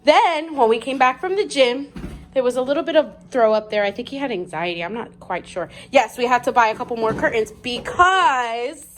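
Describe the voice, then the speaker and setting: A woman's voice: on the high side, expressive, normal speed, slight background noise. A young woman casually commenting on home video footage she is filming, chatty and exasperated. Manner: chatty, exasperated while showing damage. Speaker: vlogger.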